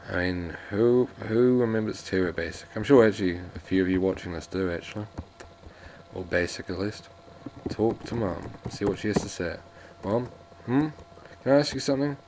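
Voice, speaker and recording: A man's voice: low-pitched, fairly even intonation, normal speed, darkish tone, slight background noise. A man doing casual, rambling gameplay commentary and reading the game's lines aloud. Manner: rambling, jokey, restarts often. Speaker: let's play commentator.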